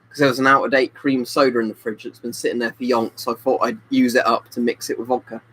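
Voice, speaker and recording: A man's voice: mid-range voice, a bit bright, rough recording. A man chatting on a live webcam stream, tipsy from drinking, rambling and reading out viewer comments. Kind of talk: casual live-stream chat. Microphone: webcam mic.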